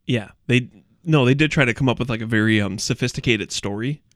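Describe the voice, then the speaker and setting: A man's voice: mid-range voice, a bit bright, no echo, studio quality. A man co-hosting a podcast, agreeable and chiming in often in a casual movie review chat. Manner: agreeable, quick interjections. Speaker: podcast co-host.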